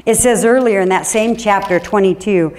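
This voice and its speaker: A woman pastor preaching a sermon in a church, animated and emphatic, with sudden drops to a quiet, low voice. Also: normal speed. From Washington State.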